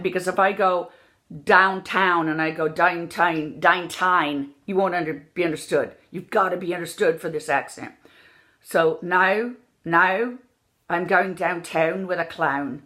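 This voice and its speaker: A woman's voice: lowish voice, a bit bright. Woman coaching accents, demonstrative and repetitive. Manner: demonstrative, repeats words to drill sounds. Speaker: dialect coach. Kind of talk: accent lesson.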